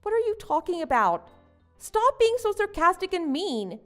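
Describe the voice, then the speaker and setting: A woman's voice: very high-pitched, big pitch swings, normal speed, fairly bright tone, faint music behind, exaggerated voice. A woman voicing a wronged young wife and new mother who protests and pleads with her husband. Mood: protesting. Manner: indignant, pleading. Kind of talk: story drama voice acting.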